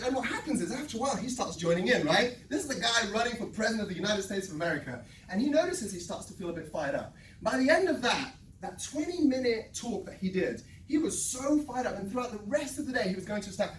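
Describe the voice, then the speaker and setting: A sales trainer giving a lively live workshop talk to a room, telling a story and checking in with the audience by asking "right?". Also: medium pitch, quick pace, slight background noise. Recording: echoey room, mic at a distance.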